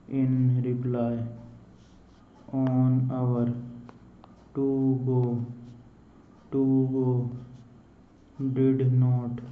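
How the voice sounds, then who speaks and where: A man teaching shorthand, reading words slowly and repeating each one twice, sometimes spelling out the letters. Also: medium pitch, slight background noise. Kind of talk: slow dictation of shorthand words. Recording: echoey room on a tinny phone-like mic.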